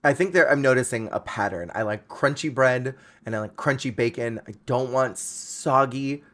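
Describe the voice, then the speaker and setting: A man's voice: mid-range voice, normal speed, fairly bright tone. Man ranting playfully about food. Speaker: podcast host. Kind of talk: casual chat.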